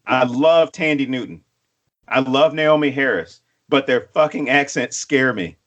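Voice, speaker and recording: A man in the middle of his range, co-hosting a podcast with animated, profanity-laced storytelling. He often slips into other voices for quotes, then drops his pitch low for punchlines. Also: measured pace, lo-fi sound. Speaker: podcast co-host. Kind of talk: casual chat.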